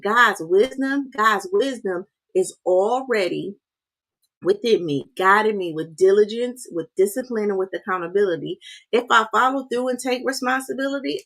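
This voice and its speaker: A woman's voice: medium pitch, fairly bright tone. Woman, motivational livestream host, casual conversational delivery. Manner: conversational, repeats "right?" and "you guys".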